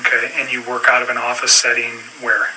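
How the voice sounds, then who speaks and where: A man questioning a witness as a police detective in an interview room, calm and procedural, with frequent fillers. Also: mid-range voice, brisk. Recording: distant room recording with clear noise.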